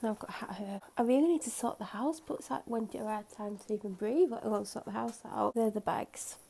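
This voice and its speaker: A woman's voice: mid-range voice, fast talker, gravelly, warm tone, slight background noise. A woman vlogging at home on a clip-on mic, ill and tired, chatting in a rambling, self-mocking way. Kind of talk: casual chat. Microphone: clip-on microphone.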